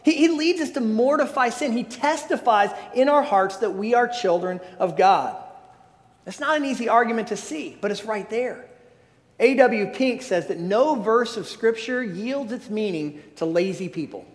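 A man's voice: high voice, expressive, moderate pace. A pastor preaching a sermon, earnest and emphatic, often restarting his phrases. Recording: long hall reverb.

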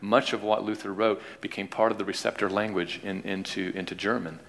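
A man teaching an informal class on Bible translation, talking in a halting way with frequent restarts and repeated words. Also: lowish voice, little pitch movement, vocal fry, fairly bright tone. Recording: long hall reverb.

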